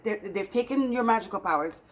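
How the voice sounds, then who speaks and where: A woman's voice: medium pitch, expressive, brisk. A woman doing a tarot reading, talking straight at her viewers in an emphatic, scolding way. Her frustration comes through, and at times she turns to pleading. A faint hiss runs under her voice. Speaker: tarot reader. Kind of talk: spiritual reading to camera.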